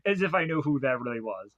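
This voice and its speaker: A man's voice: medium pitch, a bit bright, muffled recording. A man giving a rambling, casual episode recap, laughing often and swearing freely. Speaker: episode reviewer.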